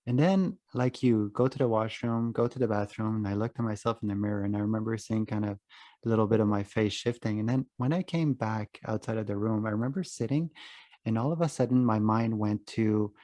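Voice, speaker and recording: A young man with a fairly low voice hosts a casual podcast, telling a personal story in a frank way full of swearing. He acts out his inner voice as he goes. The sound is dry and close to the mic. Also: fairly quick, warm tone, no room sound. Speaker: podcast host.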